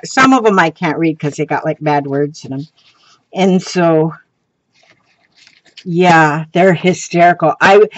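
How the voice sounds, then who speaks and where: Slow, giggly woman crafting vlogger. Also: on the low side, rough recording. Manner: rambling, full of ums and restarts, giggly. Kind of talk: casual show-and-tell chat.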